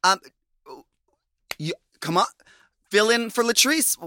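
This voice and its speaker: A man's voice: sits high, takes it slowly, no room sound, studio quality. A man from Minnesota hosting a podcast, chatting casually with frequent laughs. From USA, Minnesota. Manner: chatty, laughs often, animated asides. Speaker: podcast host. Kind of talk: casual chat.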